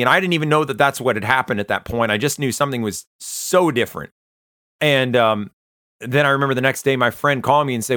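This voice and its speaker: A man earnestly telling his personal conversion story, halting often with fillers and restarts. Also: mid-range voice, pushed and bright, no room sound, clean studio sound. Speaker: testimony speaker.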